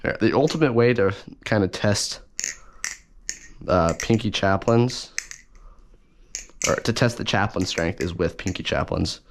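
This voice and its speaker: A man's voice: on the low side, unhurried, long pauses, slight background noise. A man talking casually through an unboxing and review, rambling and correcting himself as he goes, with enthusiasm. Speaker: balisong reviewer.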